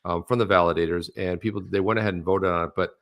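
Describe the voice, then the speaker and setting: Man, middle-aged, co-host, rambling restarts, slightly low voice. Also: fast talker. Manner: rambling, animated storytelling with many restarts. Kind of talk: casual chat.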